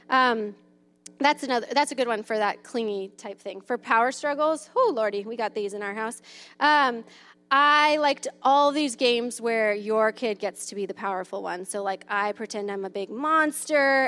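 A woman's voice: on the high side, moderate pace, fairly bright tone, smooth. A woman in her thirties chatting casually about parenting and play, full of fillers and acted-out kid voices. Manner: chatty, lots of "um" and "like", acts out kids' voices. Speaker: mother sharing parenting tips. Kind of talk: casual advice talk.

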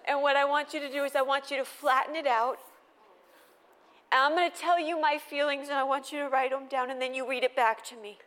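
A woman's voice: sits high, steady tone, a little fast, fairly bright tone, voice pushed up. A woman doing a lisping, emotional little boy. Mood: pleading. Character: small emotional boy with a childish lisp.

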